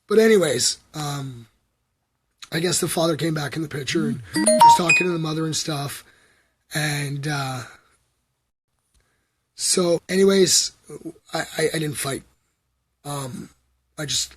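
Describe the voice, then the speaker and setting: A man's voice: on the high side, fairly bright tone, husky. A Canadian man telling a long personal story on a livestream, talking loosely with lots of ums and likes. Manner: filler-heavy, meandering, frequent ums and likes. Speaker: livestream host.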